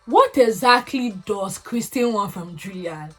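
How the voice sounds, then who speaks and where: A young woman recaps a reality show in casual chat, speaking a little slowly. She is animated and expressive, swinging up into high, excited tones.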